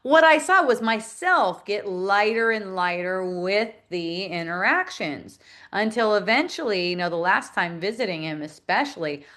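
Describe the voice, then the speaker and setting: A woman's voice: mid-range voice, expressive, moderate pace, fairly bright tone. A middle-aged woman teaching in a reflective spiritual talk, laughing often and acting out the voices she quotes.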